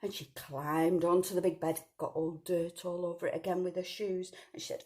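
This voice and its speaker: A woman's voice: lowish voice, fairly even intonation, fairly quick, few pauses, dark tone. A woman telling a children's story, sing-song and asking the listeners questions.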